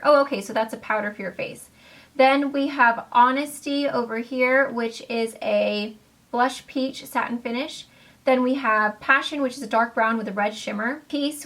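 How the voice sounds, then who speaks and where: A woman's voice: a little high, a bit bright. A woman beauty vlogger reviewing makeup palettes to camera in a bubbly, gushing, chatty way. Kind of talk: casual product review to camera.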